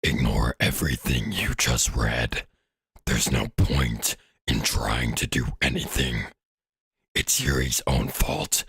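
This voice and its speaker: A man doing a deep whispery sinister voice. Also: takes it slowly, fairly bright tone, slightly rough, no echo, clean studio sound, exaggerated voice. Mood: menacing. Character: menacing distorted female character voice. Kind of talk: gameplay voice-acting.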